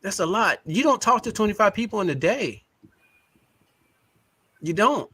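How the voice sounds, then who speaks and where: A man co-hosts a live web talk show, talking in a loose, rambling, heartfelt way. His voice is bright and forceful, and the sound is dry and close. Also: sits high, animated, normal speed, slightly rough, no echo. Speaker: co-host. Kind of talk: casual chat.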